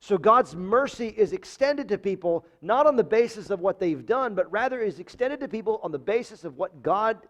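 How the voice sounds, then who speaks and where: A man's voice: sits high, lively intonation, normal speed, few pauses. A man preaching a Bible teaching sermon, emphatic and asking rhetorical questions as he reads scripture aloud.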